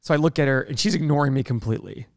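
A young man co-hosting a podcast, telling animated, fast stories in casual chat, laughing often and swearing freely. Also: medium pitch, gravelly, no room sound, clean studio sound. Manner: fast, animated storytelling, acting out quoted people. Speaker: podcast co-host, investor.

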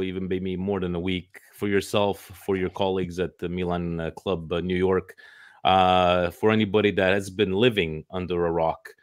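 A man's voice: lowish voice, no echo, clean studio sound. A man hosting a casual podcast, rambling introductions with lots of fillers. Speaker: podcast host.

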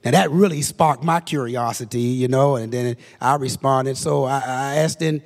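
A man preaching a sermon as pastor, telling a story and rising to shouted climaxes. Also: medium pitch, moderate pace, few pauses. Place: large church sanctuary. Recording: long church reverb.

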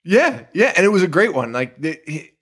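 Male podcast co-host, casual, animated storyteller. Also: high voice, moderate pace, slightly rough. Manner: animated, retells scenes with quoted voices. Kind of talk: casual chat.

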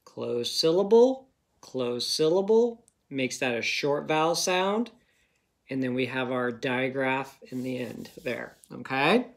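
Guy teaching kids phonics, slow and patient, super encouraging. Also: mid-range voice, expressive, vocal fry. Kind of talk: phonics lesson for young children.

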